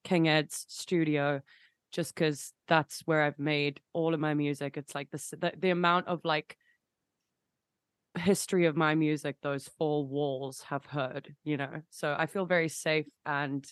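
A young woman with a lowish voice chats as a guest on an interview show. She rambles and gushes, piling up fillers and restarts. The sound is dry and close. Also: steady tone, measured pace, dry recording. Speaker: musician guest. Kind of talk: casual interview chat.

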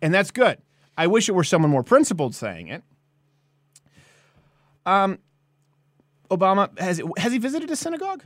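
A man's voice: high-pitched, normal speed, pauses often, dry recording, clean studio sound. A man hosting a political comedy live-stream, ranting emphatically and joking. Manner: animated, emphatic ranting with jokes. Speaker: host.

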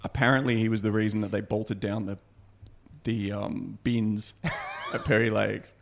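Gravelly young guy on a podcast, swears a lot, rambly animated stories. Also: on the low side, moderate pace, noisy background. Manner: swears freely, animated and laughing while telling stories. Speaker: podcast co-host. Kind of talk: casual storytelling chat.

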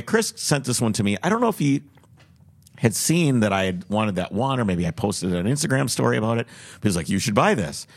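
Low-voiced Minnesotan man telling a story. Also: creaky. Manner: rambling storyteller, acts out quoted voices, laughs often. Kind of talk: casual chat.

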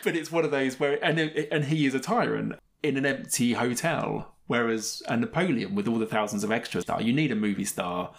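A man co-hosts a film podcast as a reviewer, casual, rambling and digressive, often chuckling between points. His medium-pitched voice is gravelly, and he speaks at a moderate pace with hardly any pauses.

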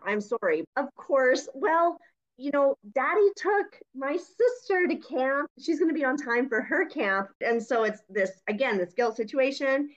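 Woman, podcast co-host, earnest and reflective, slightly high voice, dull lo-fi audio. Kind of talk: casual chat. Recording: dull, lo-fi sound.

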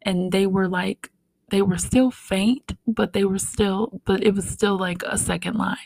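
A young woman, a podcast guest, telling a personal story in a soft-spoken, heartfelt way with many fillers. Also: mid-range voice, fairly even intonation, a little slow, creaky, no echo, low-quality recording.

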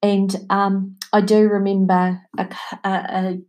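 Woman, middle-aged, unhurried delivery, reflective personal talk, warm chatty manner, soft laughs. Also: mid-range voice, little pitch movement. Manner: chatty and heartfelt, often laughing softly. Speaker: podcast host.

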